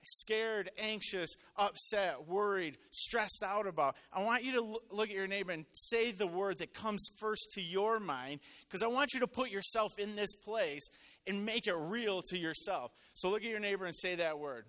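A man with a high, bright voice delivers a sermon in a relaxed, chatty way. He tells stories from daily life and keeps calling on the congregation to answer back. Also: normal speed. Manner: conversational, storytelling, calls on congregation. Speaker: preacher. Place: church hall with congregation.

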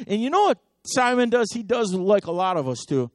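A man preaching a sermon as pastor, impassioned and repetitive, swinging between loud exhortation and hushed intensity. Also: high voice, big pitch swings, fairly quick, hardly any pauses, no room sound, studio quality. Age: adult.

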